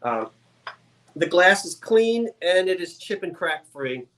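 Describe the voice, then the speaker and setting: A man's voice: sits high, sing-song, takes it slowly, background noise. A man selling items on a live sale stream, with chatty, joking sales patter. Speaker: guest seller on a live sale.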